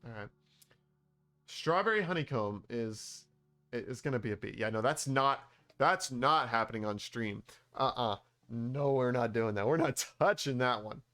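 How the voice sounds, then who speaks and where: A man's voice: mid-range voice, expressive, normal speed, pushed and bright. A man streaming casually, talking in a playful, mock-exasperated way with sighing asides. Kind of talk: casual livestream commentary. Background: faint background music.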